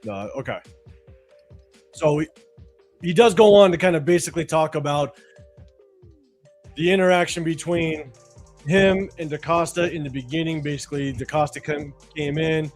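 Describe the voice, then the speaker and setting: A man co-hosting a sports fan livestream, relaxed, moving through clips and asking viewers to subscribe. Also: fairly high pitch, normal speed, long pauses, soft background music. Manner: relaxed, guides the clips, asks for subs. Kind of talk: casual livestream chat.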